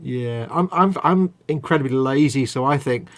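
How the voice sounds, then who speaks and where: A man's voice: mid-range voice, moderate pace. A man, co-hosting a casual live stream, joking and bantering. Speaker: co-host guest.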